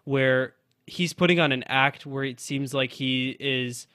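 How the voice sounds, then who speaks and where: Casual college radio podcast host, dry sound. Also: male voice, mid-range voice, steady tone, unhurried, sharp tone, no echo. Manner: loose and conversational, many fillers and restarts. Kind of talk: casual podcast chat about music.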